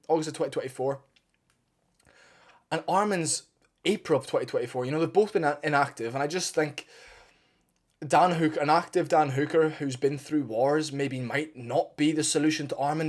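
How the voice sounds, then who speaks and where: A man giving a casual, opinionated fight breakdown, blunt and partisan, swearing freely and getting fired up. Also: on the high side. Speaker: MMA fight analyst.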